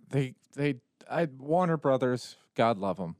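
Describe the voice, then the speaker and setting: A man's voice: medium pitch, lively intonation, slow pace, a little mellow, dry recording. A man co-hosting a podcast, emphatic and exasperated in casual chat, often breaking off mid-sentence. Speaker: podcast co-host.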